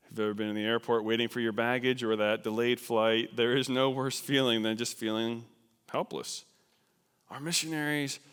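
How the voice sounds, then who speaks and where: A man from New Jersey preaches in a conversational, animated way and pokes fun at himself. His voice is smooth and clear, sitting at a middle pitch. Long reverb from the church sanctuary rings behind each phrase. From New Jersey, USA. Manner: conversational, animated, self-deprecating. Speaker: missions speaker. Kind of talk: sermon.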